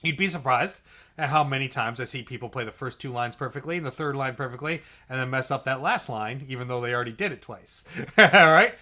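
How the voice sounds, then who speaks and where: A man's voice: medium pitch, fairly quick, bright, forceful tone. A man teaching a beginner clarinet lesson, patient and encouraging, checking in with "okay" and "all right" and singing note syllables to demonstrate. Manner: sings syllables to demonstrate notes. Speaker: music teacher. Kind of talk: instructional video lesson.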